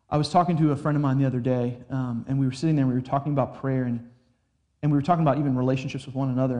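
Earnest man preaching, mellow voice. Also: fairly high pitch. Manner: earnest, conversational preaching with slow emphatic phrases. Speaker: pastor. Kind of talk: sermon.

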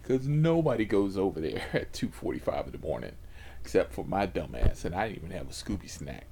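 A man's voice: low voice, very animated, brisk, background noise. A man who hosts a channel, telling stories to the camera about driving for a ride service, swearing freely, laughing, and dropping into whispered asides. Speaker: rideshare driver and channel host. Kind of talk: casual storytelling to camera.

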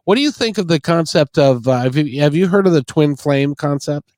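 A man's voice: a little high, lively intonation, fairly quick, a little mellow, dry recording, clean studio sound. A man hosting a casual interview, hesitant with frequent restarts and fillers.

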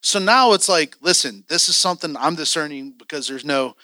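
A man's voice: fairly high pitch, expressive, a little fast, bright, forceful tone, dry recording, clean studio sound. A man teaching a church training class, candid and joking, acting out the voices he quotes.

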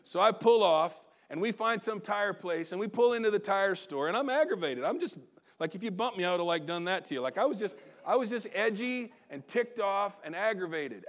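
A middle-aged man, a pastor, telling a personal story in a sermon, animated and then dropping to quiet asides. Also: high voice.

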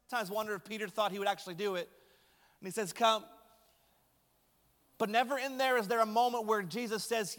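A male pastor with a high voice preaches in a relaxed, conversational way, slipping light humor into his storytelling. His words ring out with the long reverb of a church hall. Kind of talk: sermon.

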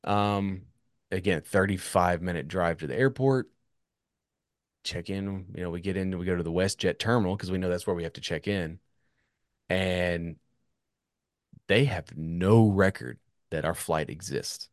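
A man's voice: sits low, unhurried, pauses often, no echo, studio quality. A young man telling a story in casual chat, rambling with lots of filler words, swearing now and then. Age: young adult.

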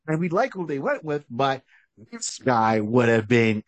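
A man's voice: medium pitch, expressive, moderate pace, dry recording. Man eagerly explaining on a podcast. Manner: explains eagerly and acts out quotes. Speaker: podcast co-host. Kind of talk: casual chat. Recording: dry close-mic podcast audio.

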